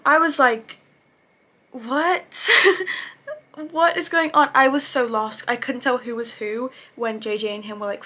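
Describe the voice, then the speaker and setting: A woman's voice: a little high, bright, forceful tone. A young woman casually recapping TV episodes, chatty and gushing, with lots of fillers and self-corrections. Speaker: TV review vlogger.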